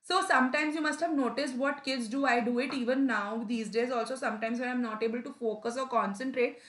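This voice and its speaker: Young woman, fairly high voice, chatty teacher, roomy echo. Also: brisk, a bit bright. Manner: conversational, repeats words, many "you know" fillers. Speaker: English teacher. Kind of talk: explaining a textbook chapter to students.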